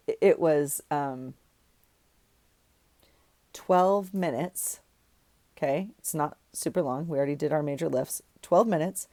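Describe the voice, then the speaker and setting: A woman's voice: sits low, mellow, no room sound, clean studio sound. A woman chatting casually to viewers as she journals, telling a rambling story full of fillers and self-corrections and laughing at herself. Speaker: vlogger journaling. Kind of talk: casual chat while journaling.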